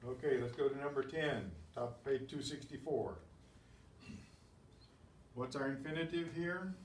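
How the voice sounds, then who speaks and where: Slow, patient man teaching a class. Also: mid-range voice. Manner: patient, methodical, wry asides, clears throat often. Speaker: Spanish teacher. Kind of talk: classroom lesson. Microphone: lapel mic that catches his badge. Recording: roomy, distant lapel mic with static.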